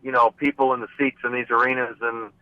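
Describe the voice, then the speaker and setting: A man's voice: mid-range voice, flat delivery, fast talker, no echo. Hesitant man guest over a phone line. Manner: hesitant, restarts phrases. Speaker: guest, former wrestler. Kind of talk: casual interview chat. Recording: dull dry phone line.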